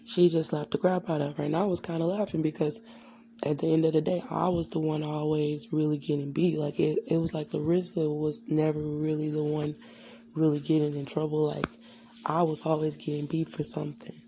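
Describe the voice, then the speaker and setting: A woman's voice: low-pitched, level tone, fairly quick, vocal fry, mellow, slight background noise. A young adult woman candidly telling a personal childhood story, rambling and full of fillers. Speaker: vlogger.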